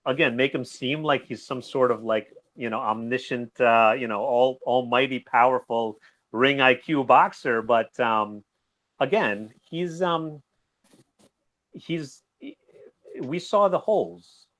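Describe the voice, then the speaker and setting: Man, guest commentator, casual chat, rambling, animated, laughs easily. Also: mid-range voice, slow. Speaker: guest, boxing YouTuber. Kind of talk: casual boxing recap chat.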